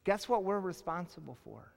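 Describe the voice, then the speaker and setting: A male pastor in his forties preaching a sermon, telling a personal story in an animated, casual way full of "like". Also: sits high, moderate pace, gravelly. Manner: animated storytelling, colloquial, lots of "like". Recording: long hall reverb.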